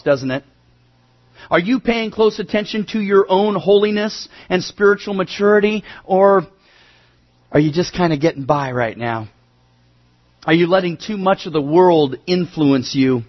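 A man preaching a sermon as pastor, earnest, swinging between emphatic rises and low quiet drops. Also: slightly rough, lo-fi sound.

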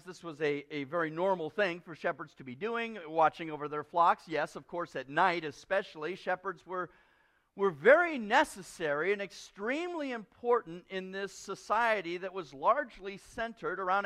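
A male pastor preaching a sermon in a conversational way, dropping to a soft, earnest tone for emphasis. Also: sits high.

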